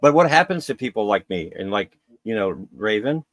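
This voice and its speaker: A man's voice: sing-song, normal speed, no echo, faint music behind. Candid rambling man telling his story. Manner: candid, rambling, acts out quotes with raised pitch. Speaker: podcast guest. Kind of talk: personal storytelling on a podcast.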